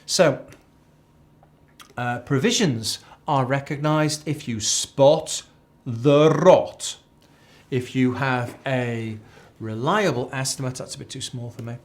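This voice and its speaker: A man's voice: medium pitch, slow. A man teaching an accounting exam class, chatty and repeating key phrases as a drill. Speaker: accounting tutor. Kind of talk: live exam tuition lecture.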